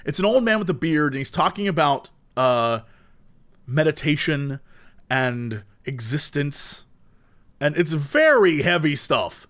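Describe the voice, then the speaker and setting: Taking his time, a young man with a fairly high-pitched voice co-hosts a podcast in relaxed conversation. He brings his stories to life by imitating the voices of the people involved.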